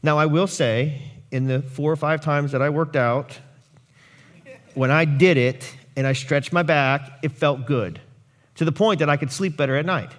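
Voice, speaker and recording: Male pastor, fairly high voice, lively sermon delivery with playful acted-out quotes. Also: moderate pace. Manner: animated, jokey asides and voiced quotes.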